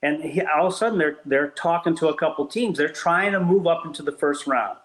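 An older man, a former team executive, telling anecdotes as an interview guest, animated and full of restarts. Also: a little high, brisk, low-quality recording. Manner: animated storyteller with many restarts.

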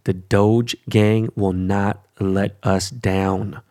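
A man's voice: lowish voice, little pitch movement, drawn-out words, a little mellow. A man ranting casually to his viewers about crypto and sports teams, rambling, hyped and full of swearing. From Korean descent stated, not origin. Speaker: vlogger. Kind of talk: casual rant to camera.

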